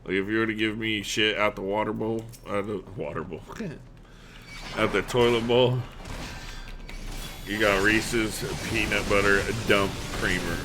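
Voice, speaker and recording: A man streaming a game live, chatting casually in a loud, profane, joking way. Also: on the low side, flat delivery, normal speed, few pauses, faint music behind. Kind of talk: casual livestream chat while gaming.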